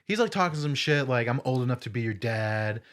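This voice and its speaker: A young man co-hosting a podcast, telling a story in casual chat, animated and full of swearing. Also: medium pitch, brisk. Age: young adult. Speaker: podcast co-host.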